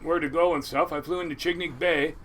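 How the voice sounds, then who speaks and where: Bright-voiced older male storyteller. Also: a little high, brisk. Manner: animated storyteller, swears, acts out quotes. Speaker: crab boat captain, podcast guest. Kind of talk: storytelling interview.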